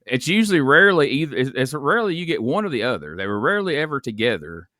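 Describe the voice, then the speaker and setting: A podcast host, chatting casually and telling stories with laughs. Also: male voice, medium pitch, sing-song, quick pace, pushed and bright, no room sound, studio quality. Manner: storytelling, laughs, swears casually. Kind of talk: casual chat.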